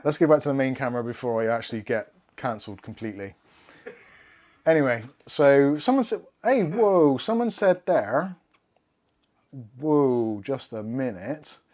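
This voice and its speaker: A man's voice: a little high, very animated, unhurried, pauses often, a little mellow. A man with a Bristol accent hosting a casual tech livestream from his desk, joking and swearing freely as he chats. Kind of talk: casual live-stream chat. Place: indoors at a desk with laptop and cameras.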